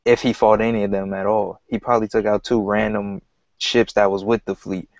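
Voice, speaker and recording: A young man in a casual group debate, blunt and skeptical. His voice sits fairly low. The audio is dull and lo-fi. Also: level tone, a little fast, darkish tone, dry recording. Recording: dull lo-fi online stream audio.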